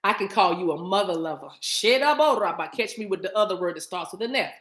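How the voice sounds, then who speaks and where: A woman hosting a livestream, talking to her chat in an animated, emphatic, preachy way and repeating her phrases. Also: mid-range voice, quick pace. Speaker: spiritual reader and livestream host. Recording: roomy echo.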